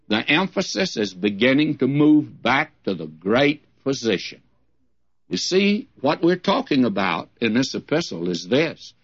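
An older man teaching a Bible sermon in a folksy, emphatic way, often calling his listeners friends. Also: medium pitch. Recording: dull lo-fi old recording.

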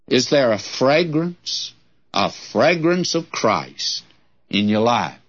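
A man's voice: medium pitch, big pitch swings, takes it slowly, highs cut off. A man preaching a sermon in an earnest, pleading way, speaking straight to his listeners.

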